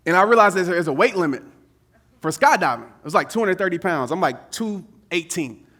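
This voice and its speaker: A man in his thirties giving a motivational keynote, telling a story in a lively, conversational way, acting out quotes and laughing often. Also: high-pitched, brisk. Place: conference stage before a live audience.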